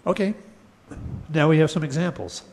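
A man's voice: a little high, gravelly, darkish tone. Man lecturing, chanting verses in a hall. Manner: explains step by step and chants Sanskrit verses slowly. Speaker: teacher. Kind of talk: lecture on Sanskrit poetics.

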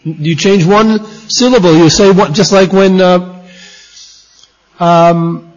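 A man's voice: high voice, steady tone, slow pace. A man teaching a scripture lecture as a religious teacher, emphatic and repeating his key points. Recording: dull lo-fi recording.

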